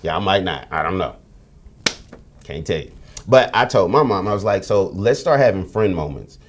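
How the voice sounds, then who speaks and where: Against a noisy background, a middle-aged American man speaks in a deep, sing-song voice at normal speed. As a podcast guest in a candid conversational interview, he tells stories frankly and animatedly, with slang and profanity.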